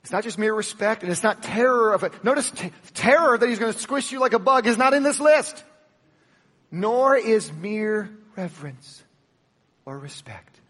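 A man preaching a sermon with animated, emphatic delivery, swinging from loud peaks to soft drops and acting out the dialogue of the story. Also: high-pitched, normal speed, long reverb tail. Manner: acts out the dialogue of the Bible story. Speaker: pastor.

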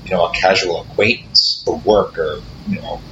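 Brief: man, lowish bright voice, halting reflective talk, dull recording with faint hiss. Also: fairly even intonation. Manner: halting, searching for words, with restarts. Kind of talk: reflective conversation. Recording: slightly dull audio with faint noise.

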